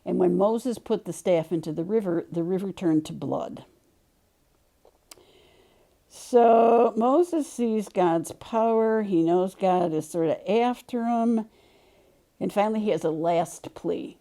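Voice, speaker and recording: A woman leading a Bible study, retelling a scripture story in a gentle, conversational way. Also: medium pitch, takes it slowly.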